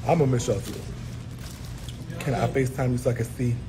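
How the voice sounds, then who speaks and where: A man's voice: mid-range voice, steady tone, a little fast, noisy background. A man chatting casually with viewers on a live stream, slangy and laughing often. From Louisiana.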